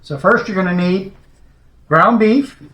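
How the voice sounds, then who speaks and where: In another folksy kitchen video, the home cooking host talks viewers through a recipe as a casual demonstration. His voice is high and fairly bright, his pace measured, and the room echoes.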